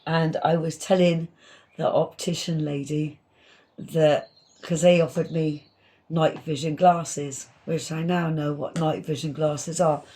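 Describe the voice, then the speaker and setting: A woman's voice: low voice, fairly even intonation, takes it slowly, dark tone. A woman telling funny stories in casual chat, often laughing as she talks. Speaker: podcast co-host.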